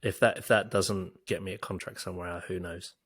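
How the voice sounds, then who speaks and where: A man's voice: low-pitched, fairly even intonation, fairly quick, fairly bright tone, breathy edge, no room sound, clean studio sound. A young man co-hosting a casual podcast, chatty and jokey, rambling with plenty of fillers. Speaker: podcast co-host. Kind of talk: casual chat.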